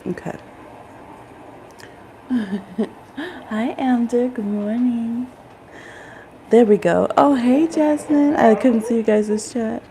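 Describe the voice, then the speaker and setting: A woman with a Midwestern American accent hosts a casual tarot live stream from home. Her speech is slow and a bit gravelly, and she chats warmly with viewers and laughs a lot. The phone recording picks up clear rain noise behind her. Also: fairly high pitch, low-quality recording. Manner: chatty, laughs often, greets viewers. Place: home, room with a lamp, rain outside.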